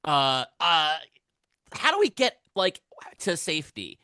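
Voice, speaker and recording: Man as an excitable teen duelist, bright, dry voice. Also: a little high, slow, clear, resonant tone, no room sound, full character voice. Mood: eager. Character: eager teen male card duelist.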